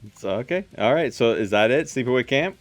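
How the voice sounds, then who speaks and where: Man, podcast host, teasing, animated pitch, faint background music. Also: a little fast. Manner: playful, teasing moderator. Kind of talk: casual panel chat.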